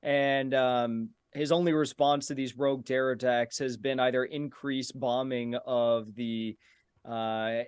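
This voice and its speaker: A man's voice: mid-range voice, clear, resonant tone, no echo, clean studio sound. A young man in a heated online debate, giving long answers in a taunting, argumentative way. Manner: taunting, repeating a jab.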